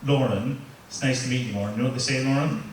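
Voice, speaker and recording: A man's voice: mid-range voice, fast talker, far from the mic. Northern Irish man, stand-up comic, crude crowd banter, echoey club, noisy room. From Northern Ireland. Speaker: stand-up comedian. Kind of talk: live stand-up set. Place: comedy club stage. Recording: echoey venue, mic heard from afar, room noise.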